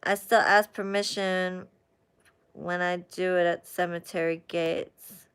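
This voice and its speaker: Woman, live-stream host, smooth clear voice, swears constantly, heated casual rant. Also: on the low side, slow. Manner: profane, animated ranting, frequent swearing.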